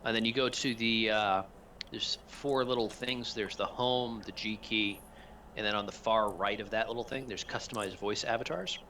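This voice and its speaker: A man acting as game master for a tabletop game, talking over a gaming headset in a relaxed way, explaining things step by step. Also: on the low side, normal speed, a little hiss or hum.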